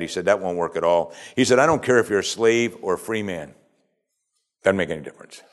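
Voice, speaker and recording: Male pastor, lower voice, sermon delivery, emphatic call-and-response. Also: brisk.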